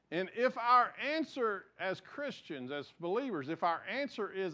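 A man preaching a sermon as pastor, telling stories earnestly and dropping from raised emphasis to hushed, quiet passages. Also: sits high, big pitch swings, normal speed. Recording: dull lo-fi sound.

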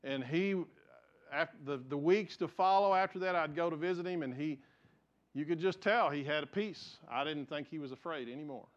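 A man preaching a sermon as pastor, telling stories earnestly and dropping from raised emphasis to hushed, quiet passages. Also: fairly high pitch, moderate pace. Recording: dull lo-fi sound.

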